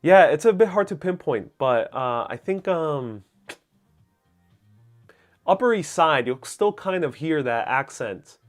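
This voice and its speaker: A man's voice: a little high, expressive, slow, pauses often, faint music behind. A young man from the United States hosts a live-stream Q&A on a lapel mic, reading viewer comments aloud and answering them casually. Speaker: host. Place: out on city streets during a live stream. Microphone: wireless lapel mic.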